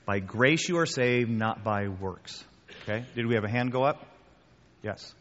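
Male preacher, mid-pitch, chatty delivery; dull recording in a reverberant hall. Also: moderate pace, a little hiss or hum. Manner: conversational, repeats key phrases, addresses listeners as guys. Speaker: pastor. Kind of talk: sermon with audience questions. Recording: muffled sound with long hall reverb.

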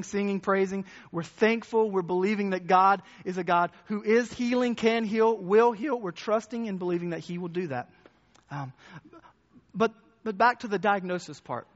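A man preaching a sermon to a congregation, conversational, restarting and repeating words as he asks them questions. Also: high voice. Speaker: pastor. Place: church hall with congregation. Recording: muffled, echoey church hall.

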